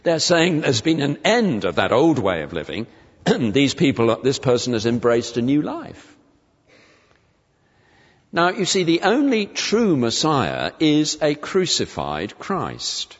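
A man delivering a sermon in a church, explaining his passage step by step and slowing to weigh each quoted verse. His pitch moves widely as he stresses words. The recording is dull and lo-fi, with a long reverb from the hall around him. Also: huge pitch swings, breathy edge. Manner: measured, expository, slows to stress quoted verses. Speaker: preacher.

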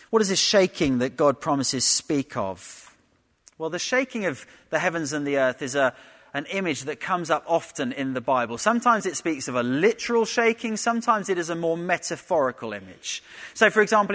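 Preacher in a reverberant hall. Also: male voice, fairly high pitch, fairly bright tone. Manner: emphatic, uses rhetorical tag questions. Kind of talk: expository sermon.

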